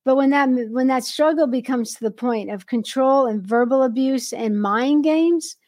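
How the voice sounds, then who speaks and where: A woman hosting an interview, talking animatedly and bluntly, with quick jumps in pitch. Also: darkish tone, no room sound, studio quality. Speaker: podcast host. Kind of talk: casual interview chat.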